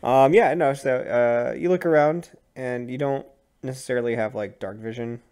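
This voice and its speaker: Halting man narrating as game master. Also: mid-range voice, darkish tone, smooth. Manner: loose, halting narration with many fillers.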